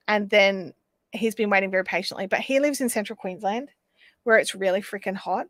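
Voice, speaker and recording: A woman's voice: medium pitch, fairly bright tone, dry recording. An Australian woman hosting a live craft stream, chatting casually and rambling as she reads out viewer comments.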